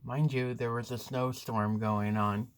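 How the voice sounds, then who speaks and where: A woman vlogger telling a story to camera in a chatty, rambling, animated way. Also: extremely low pitch, unhurried.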